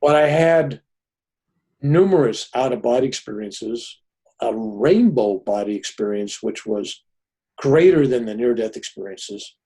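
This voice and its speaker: An older man, a podcast guest, telling a personal story in an animated way and often checking in with "right?". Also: mid-range voice, unhurried, husky.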